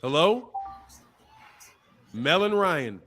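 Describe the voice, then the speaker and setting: A man's voice: a little high, very animated, very slow, fairly bright tone. A man hosting a casual call-in show, talking in loose slang and laughing often. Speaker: show host taking callers.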